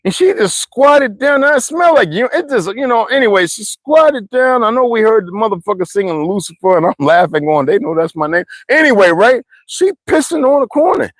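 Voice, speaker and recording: A man telling rambling, profane stories in a casual monologue, full of asides and sudden swings from low mutters to high exclamations. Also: big pitch swings, normal speed, hardly any pauses, no room sound. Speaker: channel host.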